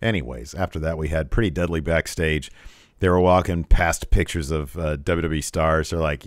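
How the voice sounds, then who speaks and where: A man's voice: rumbling low, normal speed, dry recording, clean studio sound. A man co-hosting a wrestling podcast, recapping the show in casual chat, laughing often and joking around. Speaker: podcast co-host.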